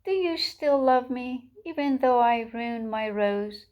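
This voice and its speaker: A woman voicing a small anxious boy chick in a storybook read-aloud, with a high childlike pleading voice. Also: takes it slowly, muffled recording.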